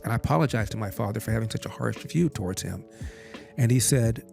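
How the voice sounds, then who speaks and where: A man's voice: on the low side, expressive, fast talker, gravelly, darkish tone. An older man recounting a family story as a podcast guest, quoting his father in direct speech. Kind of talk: storytelling in an interview. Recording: music bed behind the voice.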